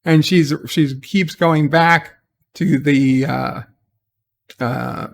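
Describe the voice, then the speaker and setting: A man's voice: a little high, very slow, gravelly. A man giving a casual spoken recap of a TV episode, rambling and hesitant with lots of fillers and sarcastic, exasperated asides. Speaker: TV episode reviewer.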